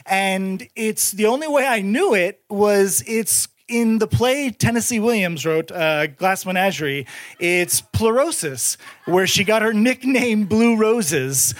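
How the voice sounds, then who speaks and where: A man with an unusually high voice performs stand-up for a crowd. He tells his story in a profane, excitable way, dropping to low mutters and then breaking into loud shouts. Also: measured pace, no echo. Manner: profane, excitable, swinging between muttered asides and shouted bursts. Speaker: stand-up comedian. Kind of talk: stand-up storytelling to a live audience.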